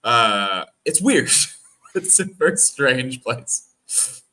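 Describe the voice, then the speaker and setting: A man co-hosting a podcast, telling anecdotes in an animated, joking way. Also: medium pitch, drawn-out words. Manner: animated storytelling with mock voices. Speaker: podcast co-host. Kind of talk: casual chat.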